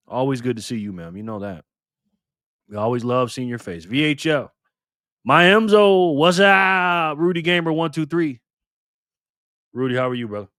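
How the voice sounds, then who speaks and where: A man with a slightly high voice runs a casual live stream by himself, talking upbeat and friendly into a microphone. The sound is close and dry, with no room around it, and he greets people as brother and man. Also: fairly bright tone, no room sound. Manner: upbeat, greets chat viewers by name. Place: alone at home streaming.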